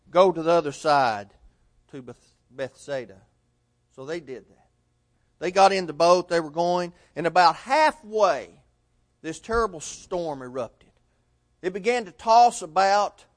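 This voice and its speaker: A man preaching a sermon in a church, telling a Bible story and quoting its figures with rising emphasis. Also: high-pitched.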